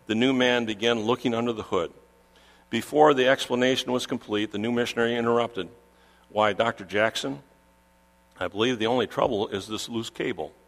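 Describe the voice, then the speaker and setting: A man's voice: medium pitch, fairly bright tone, big-room sound. A man preaching a sermon, pressing his points with emphatic repetition. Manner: emphatic, repeats key phrases for stress.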